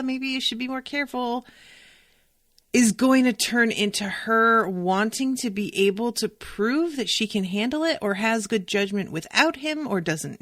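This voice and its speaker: A young adult woman hosting a solo book podcast, talking in a chatty, animated way and swearing freely. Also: medium pitch, no echo, studio quality. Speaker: podcast host. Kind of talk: casual solo book discussion.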